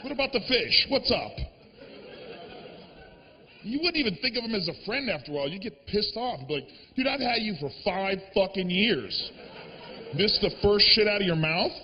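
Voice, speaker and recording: Brash, high-voiced profane comedian. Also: male voice, animated, fairly quick, long reverb tail. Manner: brash, profane, shouting rants. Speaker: stand-up comedian. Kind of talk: stand-up comedy set. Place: stage, live show. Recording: dull lo-fi live recording.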